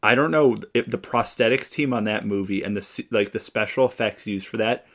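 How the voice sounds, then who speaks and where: A man's voice: lowish voice, fairly quick. A young man co-hosting a casual movie podcast, enthusiastically retelling his favorite scenes. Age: young adult. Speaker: podcast co-host.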